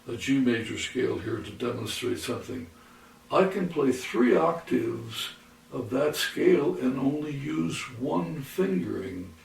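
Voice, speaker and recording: A man teaching a guitar lesson, explaining halting with many restarts and counting beats aloud. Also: medium pitch, creaky, darkish tone, far from the mic. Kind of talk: lesson with demonstrations. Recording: roomy, from off the mic, faint noise.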